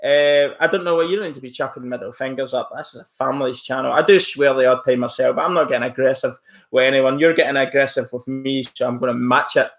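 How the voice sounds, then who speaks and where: A man's voice: medium pitch, steady tone, quick pace. A man live-streaming from home, rambling casually as he reacts to chat messages and mocks a troll. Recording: roomy echo.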